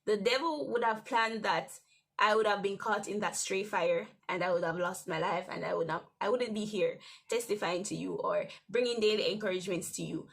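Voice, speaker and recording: A young woman hosting a daily devotional, telling a personal testimony in a conversational, rambling way with restarts and soft laughs. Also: medium pitch, creaky. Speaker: devotional host.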